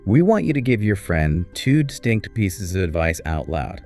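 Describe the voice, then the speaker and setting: A man with a deep, low voice co-hosts a scripted English speaking lesson. He speaks in a clear, encouraging teacher's manner, with soft music faintly underneath. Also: big pitch swings, normal speed. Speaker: co-host of an English speaking course.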